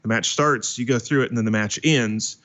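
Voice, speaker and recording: A man's voice: medium pitch, a little fast, a bit bright. Podcast host guy, plain mid voice, hesitant questions, lo-fi. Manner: thoughtful, hesitant questions with fillers. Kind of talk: interview questions.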